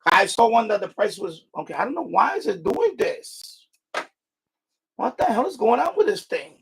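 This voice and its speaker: High, gravelly man rambling on a live stream. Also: big pitch swings, normal speed. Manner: rambling, frustrated asides and mild swearing; repeats himself and restarts sentences. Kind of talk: casual live stream chat.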